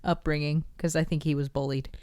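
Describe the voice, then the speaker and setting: A woman's voice: low voice, little pitch movement, a little fast, a little mellow, clear, resonant tone, no echo, studio quality. A woman co-hosting a podcast in casual chat, teasing and laughing often. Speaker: podcast co-host.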